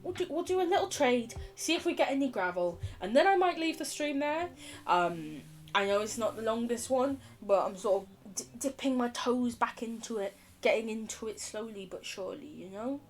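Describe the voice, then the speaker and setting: British woman streamer, young, higher voice with lots of swing, chatty and tangential. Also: expressive, moderate pace. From United Kingdom. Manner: chatty, goes off on tangents, laughs often. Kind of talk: casual livestream chat while gaming.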